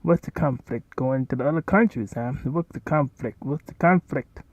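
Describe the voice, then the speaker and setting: A man's voice: mid-range voice, normal speed, no echo. A man hosting, rambling and commenting casually over a video he is playing, often repeating himself. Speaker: host. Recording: dull, lo-fi home recording.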